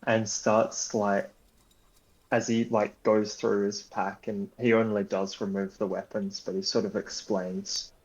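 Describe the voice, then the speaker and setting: A man's voice: lowish voice, flat delivery, measured pace. A man playing a tabletop role-playing game, talking loosely and hesitantly in casual chat. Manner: loose and hesitant, many fillers. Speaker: player. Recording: dull lo-fi mic.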